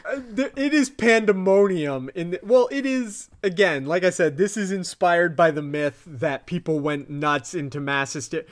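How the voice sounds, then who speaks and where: A man co-hosting a podcast, casually retelling a TV episode with animated asides and frequent laughter. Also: moderate pace, hardly any pauses. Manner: animated retelling, acts out quotes in high voices, laughs often. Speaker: podcast co-host. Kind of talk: casual recap chat.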